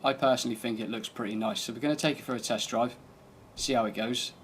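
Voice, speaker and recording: A man's voice: medium pitch, fairly even intonation, quick pace, slight background noise. A man giving casual, laid-back commentary over gameplay, thinking aloud as he drives and tests a car. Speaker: gaming channel host.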